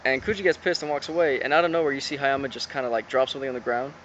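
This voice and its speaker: A man talks through an episode recap in a loose, rambling way, full of "um"s and "he's like"s. His pitch sits in the middle, and the recording sounds dull and lo-fi with clear background noise underneath. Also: steady tone, very fast, a bit bright. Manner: rambling, with many fillers and retold quotes.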